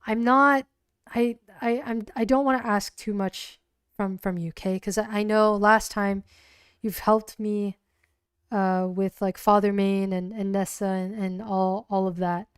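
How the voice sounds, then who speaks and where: A woman voicing a determined young female hacker in a cyberpunk tabletop game, speaking earnestly with halting restarts. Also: medium pitch, fairly even intonation, clear, resonant tone, no echo, studio quality, natural voice.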